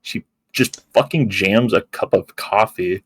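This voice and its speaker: A man with a low voice talks at an easy pace in a casual podcast. His sound is dry and close, and he works through his notes with casual swearing. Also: unhurried, breathy edge, no room sound. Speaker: podcast co-host.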